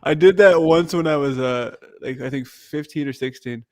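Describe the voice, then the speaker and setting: A man's voice: a little high, normal speed. A man chatting loosely on a panel, laughing often. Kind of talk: casual panel banter.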